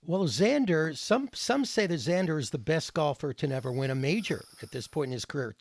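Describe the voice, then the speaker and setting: Gravelly male co-host reading sports stats. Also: on the high side, fairly quick. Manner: reads stats in a steady, scripted way. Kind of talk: casual sports chat and reading news items.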